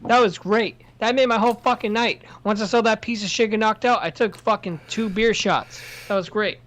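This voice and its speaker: A podcast co-host whose voice sits at an ordinary middle pitch, launching into heated, swear-filled rants during a casual chat. The rants often trail off into apologies. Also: normal speed, fairly bright tone. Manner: profane, heated ranting. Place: workplace.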